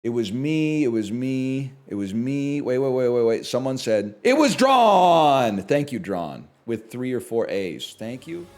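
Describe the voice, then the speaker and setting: A man's voice: mid-range voice, measured pace, hardly any pauses. A man from Canada chatting live on his stream, ranting and swearing at his chat. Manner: animated, profane ranting to chat.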